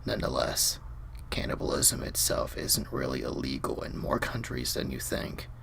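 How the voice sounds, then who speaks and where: A man plays a hushed, dry documentary narrator. The voice is extremely low and heavily gravelly but has a bright edge, and it sounds distant. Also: lively intonation, moderate pace, a little hiss or hum, exaggerated voice.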